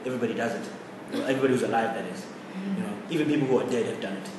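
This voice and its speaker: Co-host in his twenties from South Africa, opinionated and animated, recorded from far off in an echoey room with background noise. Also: mid-range voice, racing. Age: 20s. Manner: opinionated, animated, laughs often. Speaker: podcast co-host. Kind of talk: casual chat.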